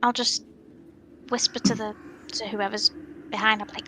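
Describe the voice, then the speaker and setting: A woman's voice: mid-range voice, level tone, normal speed, pushed and bright, slight background noise. A woman playing in a tabletop game, brash and blunt, swearing freely. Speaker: player.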